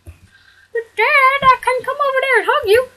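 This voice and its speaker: A young man voicing a clingy, whiny little boy who keeps pleading with his dad in a squeaky, babyish way. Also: fairly even intonation, measured pace, sharp tone, full character voice.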